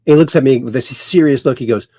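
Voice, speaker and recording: A man's voice: mid-range voice, quick pace, mellow, breathy edge, no room sound, clean studio sound. A man hosting a casual livestream, reading viewer comments aloud and adding playful asides. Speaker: livestream host reading chat.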